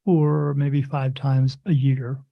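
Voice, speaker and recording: A man's voice: mid-range voice, slow pace, creaky, no echo, dull audio. A man who is a guest on a podcast, chatting casually and telling stories in a rambling way, often restarting his sentences and acting out what others say. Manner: animated storyteller who acts out the voices of others in his stories. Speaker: podcast guest, spirit medium. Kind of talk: casual interview chat.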